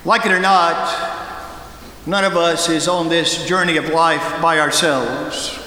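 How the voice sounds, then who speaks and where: A man delivers a sermon from the pulpit, his high, bright voice ringing through a large church sanctuary. The sound carries a long, roomy reverb from the hall. He tells stories with pointed pauses. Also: steady tone. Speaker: guest pastor.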